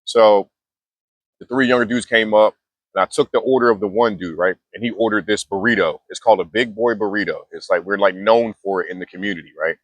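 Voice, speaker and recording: A man's voice: on the low side, a little fast, no echo. A young man telling a story in casual, slangy talk, with frequent restarts and fillers, as a mindfulness vlogger. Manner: laid-back slangy talk with many restarts.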